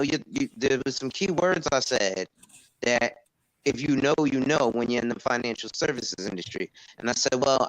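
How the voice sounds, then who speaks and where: A man's voice: medium pitch, fairly bright tone. A man talking casually on an open panel. He tells stories about his insurance work and acts out conversations in a mid-range voice. The sound is dry and close, with no room echo. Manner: storytelling, acts out quoted conversations. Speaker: insurance agent and panel speaker.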